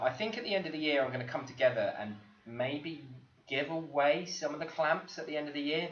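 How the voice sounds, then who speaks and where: A man's voice: medium pitch, a bit bright. A middle-aged man hosting a casual livestream, chatty and teasing, laughing often as he answers viewers. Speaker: blacksmith livestream host. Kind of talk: casual livestream chat reading viewer comments. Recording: echoey, dull livestream audio.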